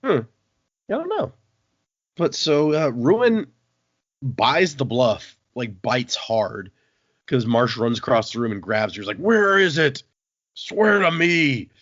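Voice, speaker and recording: A man's voice: medium pitch, takes it slowly, long pauses, dry recording. A man hosting a podcast, casually recapping a book and acting out the quotes. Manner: animated storytelling, acts out quotes. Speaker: podcast host. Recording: dull, dry lo-fi podcast audio.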